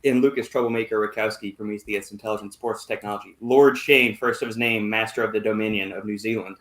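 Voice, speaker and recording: A man's voice: lowish voice, fairly even intonation, fast talker, fairly bright tone. A man hosting a podcast panel, giving showy, playful introductions. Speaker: podcast host. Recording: roomy echo.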